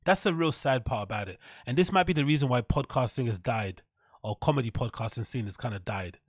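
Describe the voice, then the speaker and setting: A man riffs over a podcast clip in casual stream commentary, sarcastic and quick to laugh. His voice sits mid-pitch and sounds close and dry, with no room around it. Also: animated, dry recording. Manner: sarcastic, mocking, laughing often.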